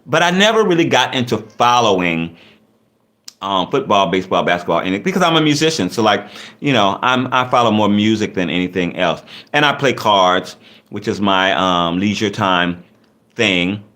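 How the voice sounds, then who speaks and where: A man's voice: lowish voice, normal speed. A man hosting a casual livestream, reading out chat comments and joking back with viewers. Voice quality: lively, animated delivery. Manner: reads chat comments aloud and riffs on them; playful, laughing, teasing.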